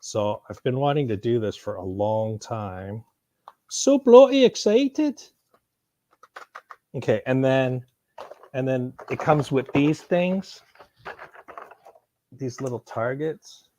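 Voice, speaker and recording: A man's voice: mid-range voice, slow pace, rough recording. Rambling, swearing man unboxing toys. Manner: rambling, swears often, bursts of loud excitement. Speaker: vlogger. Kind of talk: casual unboxing vlog. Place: someone else's home. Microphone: external mic on camera.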